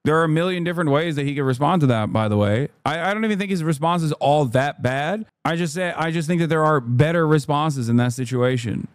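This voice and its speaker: A man's voice: a little high, a little fast, few pauses, no echo, studio quality. Heated, profane political rant from a man. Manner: heated, profane, swings into mocking voices. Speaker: streamer reacting to news. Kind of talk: ranting political commentary.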